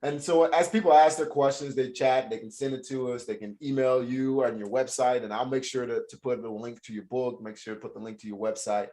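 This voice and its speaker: A man's voice: mid-range voice, fairly even intonation, fairly quick, few pauses, dark tone. A man hosting a casual interview over a video call, talking in a chatty way with many restarts. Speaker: host.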